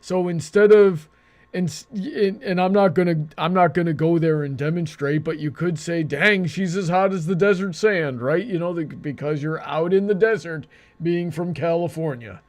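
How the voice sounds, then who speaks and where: Male debate host, earnest and halting, with a slightly high voice. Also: darkish tone. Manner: earnest, halting, restarts his sentences. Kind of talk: casual debate.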